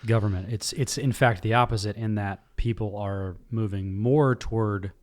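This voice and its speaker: A man hosting a podcast, calmly summing up his guest's views and asking questions. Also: lowish voice. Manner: measured, sums up the guest's views. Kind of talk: interview questions.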